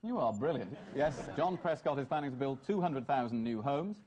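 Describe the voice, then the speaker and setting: A man hosting a comedy panel quiz in a TV studio, reading out questions and scripted jokes with a dry, deliberate delivery. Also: mid-range voice, expressive, lo-fi sound. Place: television studio with live audience. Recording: loud audience laughter over the TV studio sound.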